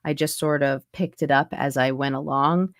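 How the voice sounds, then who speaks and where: A guest on a video-call interview, this accent and dialect coach chats casually from her Montreal home, restarting often and using plenty of fillers. Her voice sits low with fairly even intonation at normal speed, captured with clean studio sound and no echo.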